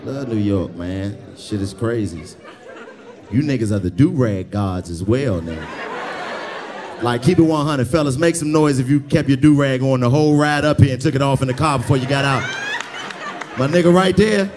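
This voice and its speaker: A male stand-up comedian roasting the audience with loud, brash crowd work, often yelling and cursing. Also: mid-range voice, moderate pace. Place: live comedy club ballroom. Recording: live club with crowd noise.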